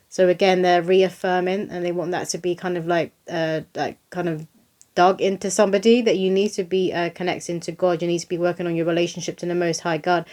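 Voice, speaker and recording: A woman's voice: on the low side, flat delivery, fairly quick, a little mellow. Earnest woman giving a channeled reading. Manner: earnest, repetitive, reassuring. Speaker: spiritual reader and channeler. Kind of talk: casual channeled reading to camera.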